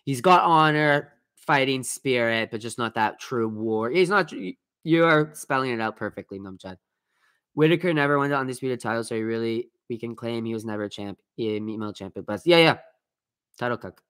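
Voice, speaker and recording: Male livestream host, casual and profane, heated rant voice, average pitch, reacts to viewers on the fly. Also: normal speed, a bit bright, smooth.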